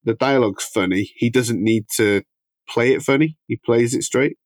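A man's voice: mid-range voice, normal speed, no echo. A man co-hosting a casual film podcast, talking through scenes and performances in detail. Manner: analytical, enthusiastic about film details. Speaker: podcast co-host.

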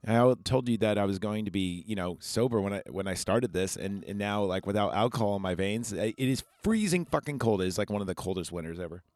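A man's voice: lowish voice, animated, fast, few pauses, a little mellow, no echo. A man hosting a podcast, recapping a movie in a rambling, chatty way and swearing freely. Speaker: podcast host. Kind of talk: casual film review.

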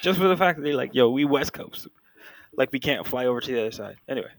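A man co-hosts a laid-back comic book podcast, cracking jokes and teasing his partner. His voice has a gravelly rasp. The recording is dry, with no echo at all. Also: medium pitch, animated, rapid-fire. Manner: joking, teasing banter. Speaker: podcast co-host. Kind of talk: casual comic book discussion.

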